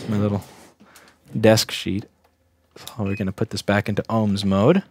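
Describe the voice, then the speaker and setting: A man's voice: lowish voice, level tone, moderate pace, slight background noise. A young adult man from Staten Island, a repair technician casually talking through a bench test on a livestream, thinking aloud, restarting sentences and speaking bluntly. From Staten Island, New York.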